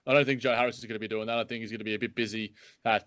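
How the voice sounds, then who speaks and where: A man hosting a sports podcast, chatting in an animated, joking way with playful asides. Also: fairly low pitch, rapid-fire, no echo. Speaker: podcast host. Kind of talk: casual sports podcast chat. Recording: dry, dull lo-fi audio.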